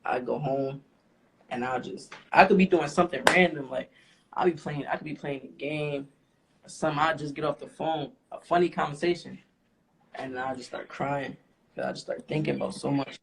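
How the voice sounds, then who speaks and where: A young man, a rapper guest, talking casually and haltingly with lots of fillers. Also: on the high side, gravelly. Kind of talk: casual interview talk. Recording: faint background noise.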